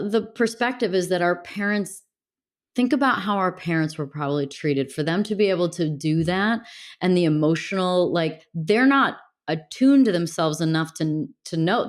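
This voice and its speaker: A woman guest speaking candidly and reflectively in a casual interview, with many fillers and restarts. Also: on the low side. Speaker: podcast guest.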